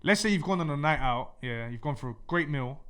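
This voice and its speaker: Joking young man, slightly high voice. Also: expressive, a little fast, fairly bright tone, clean tone. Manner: banter-heavy, crude jokes, lots of ums. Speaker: podcast co-host. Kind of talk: casual chat.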